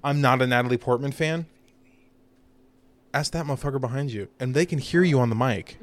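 A man co-hosting a casual podcast chat, excitable and swearing freely, acting out movie scenes. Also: medium pitch, fairly quick. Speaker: podcast co-host.

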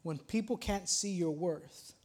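Male pastor, high-pitched voice, preaching with rising fervor. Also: a little slow, darkish tone. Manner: preaching with rising intensity, reads a poem aloud. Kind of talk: sermon.

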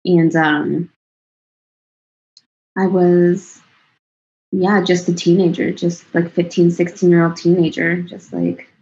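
A woman in her thirties with a somewhat low voice tells a personal story in a relaxed interview. She talks in a chatty way, laughs often and trails off before restarting. The recording is dull and lo-fi. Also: slow, long pauses. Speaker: interview guest. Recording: dull lo-fi sound.

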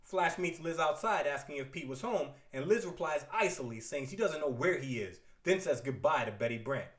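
A man retelling a classic comic book story with playful asides and quick put-on voices for the characters. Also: a little high, roomy sound. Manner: lively, playful, theatrical asides.

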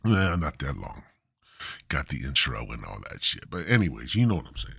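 A man's voice: rumbling low, huge pitch swings, moderate pace, vocal fry, fairly bright tone, slightly rough. Profane rambling man with a swooping voice. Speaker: podcast host. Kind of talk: crude stand-up style rant.

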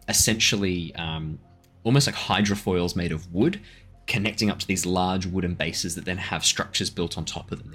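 A man with a very low voice narrates a tabletop adventure as dungeon master, describing scenes in a loose, hesitant way. Faint music plays under him. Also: fairly bright tone.

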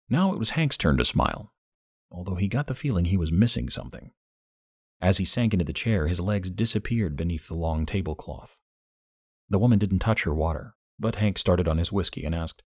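Deep husky guy reading a story, dry close sound. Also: animated, brisk, dry recording. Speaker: narrator. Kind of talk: audiobook fiction narration.

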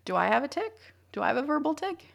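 A young woman co-hosting a podcast, chatting casually about writing, with quick bursts of speech and frequent laughter. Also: high-pitched, very animated, gravelly. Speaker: podcast co-host.

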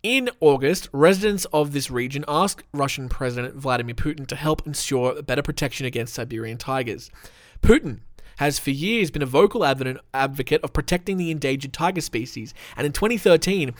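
This is a man hosting a casual podcast, swinging between rambling chat full of ums and plain reading of news. His voice sits somewhat high for a man. The sound is dry and close, recorded in a room at home. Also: brisk, dry recording. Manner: rambling, sweary, self-deprecating, with many ums. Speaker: podcast host. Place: room at home with the window open.

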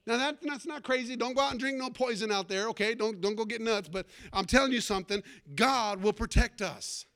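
A man preaching a fervent sermon, calling out for amens and swinging between loud and hushed delivery. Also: very high-pitched, fairly quick. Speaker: pastor.

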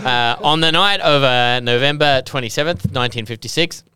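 A man's voice: medium pitch, a little fast, pushed and bright, clear, resonant tone, no room sound, clean studio sound. A man with an Australian accent, a podcast co-host reading out a true-crime story and laughing and joking between lines.

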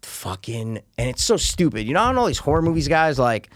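A man talking casually about a film he has seen, excitable, swearing often and acting out the scenes in voices. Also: a little high, fairly quick, no echo, studio quality. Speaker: film reviewer. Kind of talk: casual podcast chat.

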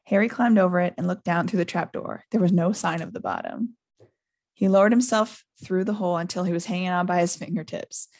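Woman reading aloud with a gravelly edge. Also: lowish voice, brisk. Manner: lively, laughs often. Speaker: podcast host.

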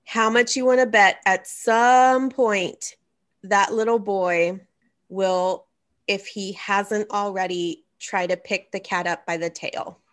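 A woman hosting a casual chat with a wry, cynical streak. She talks emphatically at a mid pitch. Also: fairly even intonation, slow pace. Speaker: podcast host.

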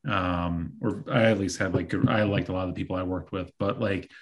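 Deep voiced co-host guy rambling with lots of likes and ums. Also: steady tone, brisk. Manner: loose, filler-heavy talk. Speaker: podcast co-host, former wrestling writer. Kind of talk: casual podcast chat.

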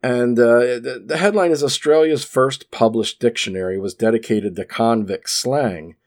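A man's voice: mid-range voice, moderate pace, darkish tone. A man casually reading an article aloud at his microphone. He keeps breaking off into rambling asides and uses plenty of "uh"s and restarts. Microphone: desk microphone.

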